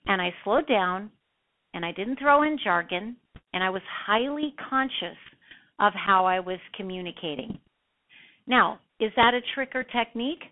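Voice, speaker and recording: A woman teaching real estate sales, a self-described fast talker with a punchy, emphatic delivery. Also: medium pitch, animated. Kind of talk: instructional talk. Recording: tinny phone-like sound.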